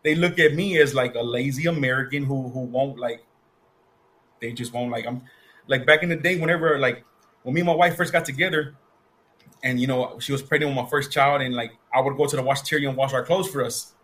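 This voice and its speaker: Fast-talking animated man. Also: mid-range voice. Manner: animated storyteller, acts out quoted voices. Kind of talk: casual chat.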